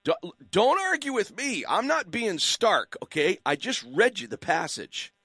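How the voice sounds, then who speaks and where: A man on talk radio, worked up and preachy, firing question after question at his listeners. His voice sits high for a man and swings widely in pitch. The sound is dry and close, straight off a studio microphone. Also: very animated, unhurried, pushed and bright, breathy edge, dry recording. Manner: preachy, fired-up, hammering rhetorical questions. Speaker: radio talk show host. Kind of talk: impassioned call-in radio commentary.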